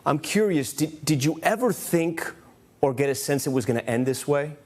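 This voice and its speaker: A man anchoring a news broadcast, delivering a smooth scripted handoff to a correspondent. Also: a little high, animated, normal speed, a little mellow.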